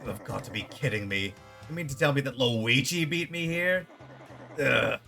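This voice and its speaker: Man doing a gloating, hot-tempered game villain king; bright, bellowing, faint music behind. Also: medium pitch, normal speed, creaky. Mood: irritated. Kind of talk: reading game dialogue aloud in character.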